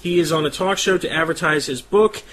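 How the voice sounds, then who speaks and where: A man's voice: on the high side, brisk, fairly bright tone, rough recording. A man casually recapping a horror movie's plot as a podcast co-host, swearing freely.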